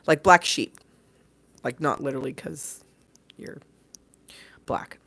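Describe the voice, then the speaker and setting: A hoarse woman hosting a livestream, talking casually and playfully, swearing freely and sending her viewers love as she signs off. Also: a bass voice, slow pace, fairly bright tone, poor audio. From southern California. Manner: chatty, swearing, playful and affectionate. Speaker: livestream host. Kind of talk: casual livestream sign-off chat. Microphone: desk microphone.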